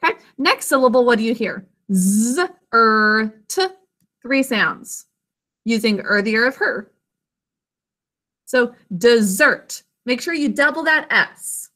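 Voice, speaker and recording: A woman teaching young children a phonics lesson, patient and encouraging as she sounds out words slowly. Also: fairly high pitch, animated, bright, forceful tone.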